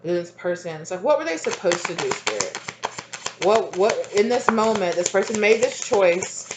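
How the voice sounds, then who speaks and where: A woman's voice: medium pitch, lively intonation, moderate pace, background noise. A woman giving a casual spoken tarot reading, rambling and repeating herself with lots of fillers and chatty asides. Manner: laughs easily, chatty asides. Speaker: tarot reader.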